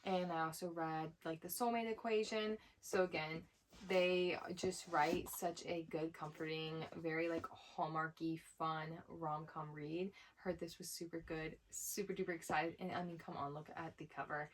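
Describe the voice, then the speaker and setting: A woman's voice: sits low, steady tone, moderate pace, poor audio. A woman co-hosting a casual book haul chat with her sister, gushing with enthusiasm about romance and fantasy novels. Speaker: co-host of a twin sisters' book channel.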